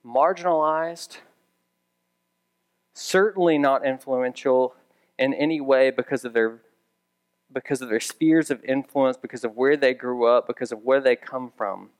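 A man's voice: medium pitch, measured pace. A man preaching a sermon as pastor, conversational with dry humorous asides, building to emphatic raised repetitions.

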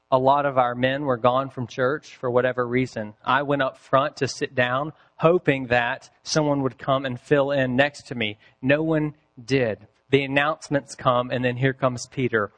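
A man preaching a sermon, telling a story with deliberate pacing and dramatic pauses. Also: mid-range voice, a bit bright. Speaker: pastor.

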